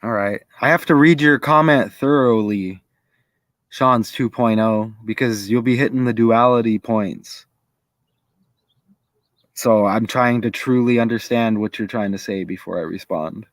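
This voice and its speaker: A man's voice: mid-range voice, unhurried, dry recording. A man giving casual commentary to his viewers, chatty and thinking aloud as he goes. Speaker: video creator.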